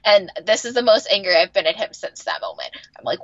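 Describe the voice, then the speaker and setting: Exasperated woman co-host, lively voice. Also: fairly quick, few pauses, no echo, muffled recording. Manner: exasperated, swears, lively pitch swings. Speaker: podcast co-host. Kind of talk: casual chat recapping a TV episode.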